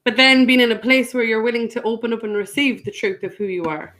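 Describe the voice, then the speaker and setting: Woman, a bit high-pitched, thoughtful and hesitant, casual chat on a video call. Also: steady tone. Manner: soft-spoken, reflective, halting. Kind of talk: casual live online chat.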